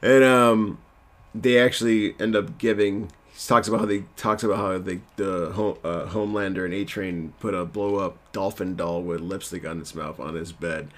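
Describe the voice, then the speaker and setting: A man's voice: low voice, fairly even intonation, moderate pace. A man casually recapping a TV episode at home, rambling and self-deprecating, with lots of fillers.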